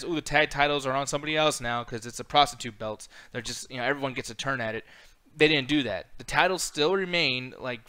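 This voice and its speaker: A man's voice: mid-range voice, pushed and bright, clear, resonant tone. A man co-hosting a casual review chat, ranting and swearing freely. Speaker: co-host.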